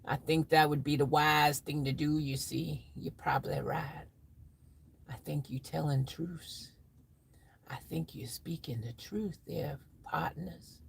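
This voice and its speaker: A woman's voice: low-pitched, fairly even intonation, unhurried, gravelly, a little hiss or hum, low-quality recording. A woman chatting casually on a live stream, reading out viewers' comments in a playful, drawling way. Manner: playful, drawls, puts on silly voices and sound effects. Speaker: livestreamer.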